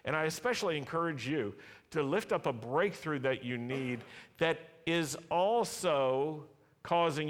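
A male pastor leading his congregation in prayer during a sermon, slow and deliberate, with repeated call-and-response lines. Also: mid-range voice, a bit bright. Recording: long hall reverb.

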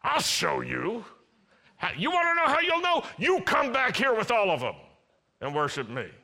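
God as a pushy, fast-talking deal-maker with a thick New York accent, put on by a preacher, pitched way up high and loud. The voice is bright and forceful, and the lines are fired off quickly. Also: male voice, wildly swooping pitch, creaky, exaggerated voice. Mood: brash. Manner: brash, pushy, rapid-fire. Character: God as a boastful fast New York garment-district dealer.

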